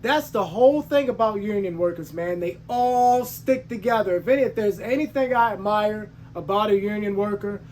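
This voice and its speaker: A man's voice: high-pitched, normal speed, hardly any pauses, darkish tone, a little hiss or hum. Heated male trucker telling a story. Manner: heated, emphatic retelling with slangy asides; frequent restarts and self-corrections. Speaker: truck driver and channel host. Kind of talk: casual storytelling to camera.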